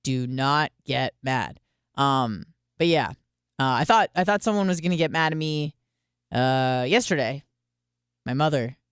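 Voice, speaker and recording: A woman's voice: low voice, moderate pace, long pauses, clear, resonant tone, no room sound, clean studio sound. A woman hosting a radio show, talking in a candid, chatty way and acting out quotes with some profanity. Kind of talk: casual monologue.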